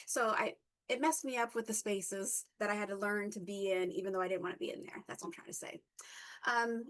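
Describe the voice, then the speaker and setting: Halting woman in her fifties, reflective. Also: medium pitch, a bit bright, poor audio. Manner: halting, with frequent fillers and self-corrections; occasional stutter. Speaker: workshop speaker. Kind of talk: personal reflective storytelling.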